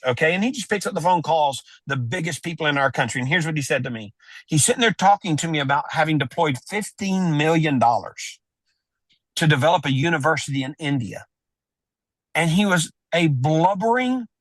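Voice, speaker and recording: A man talking as a wealth adviser guest on a podcast, telling stories with lively acted-out dialogue. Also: on the high side, no room sound. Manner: animated storyteller, acts out quoted dialogue. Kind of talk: storytelling in a podcast interview.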